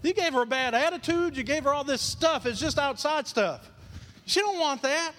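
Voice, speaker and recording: A man preaching a lively sermon as pastor, acting out quoted voices and repeating key lines for emphasis. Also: very high voice, moderate pace, in a large hall, slight background noise. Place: church.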